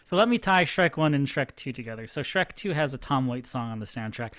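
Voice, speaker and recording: A man's voice: medium pitch, lively intonation, fairly quick, fairly bright tone, dry recording. A man co-hosting a podcast, chatting casually, sharing trivia and dry wisecracks. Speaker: podcast co-host. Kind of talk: casual chat.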